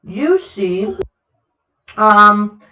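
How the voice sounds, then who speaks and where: A woman running a tabletop game as game master, narrating in a relaxed, halting way. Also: mid-range voice. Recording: echoey, dull lo-fi mic.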